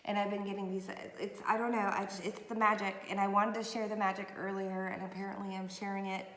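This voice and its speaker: A woman's voice: medium pitch, flat delivery, fast, a bit bright, echoey room, a little hiss or hum. A woman doing a late-night tarot reading, talking in a meandering, emotional way to her viewers. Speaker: tarot reader. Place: room at night.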